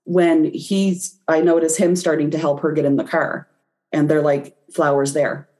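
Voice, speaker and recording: A woman's voice: sits low, fairly even intonation, moderate pace, warm tone. A woman guest in an interview, telling a personal story and acting out her own reactions as she goes. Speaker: guest, intuitive reader.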